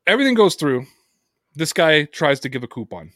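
A man hosting a sports podcast, telling stories in a casual, profane, animated way. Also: a little high, a little fast, no echo, studio quality. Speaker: podcast host.

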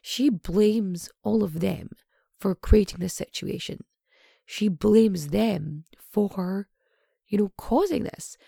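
A woman's voice: mid-range voice, expressive, takes it slowly, creaky, dark tone, husky, no echo, clean studio sound. A young woman casually retelling a true crime story, sweary and sarcastic, with lots of asides.

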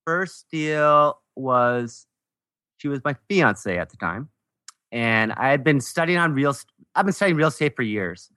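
A man in his forties, a podcast guest, telling a story about his early mistakes with animated, self-mocking humor. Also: mid-range voice, a little slow, no room sound, clean studio sound. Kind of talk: casual storytelling.

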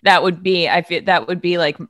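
A woman's voice: lowish voice, a little fast, no room sound. A woman guest on a podcast game show, chatty and given to telling little stories. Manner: chatty, storytelling. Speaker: guest, sports media host. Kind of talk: casual podcast chat.

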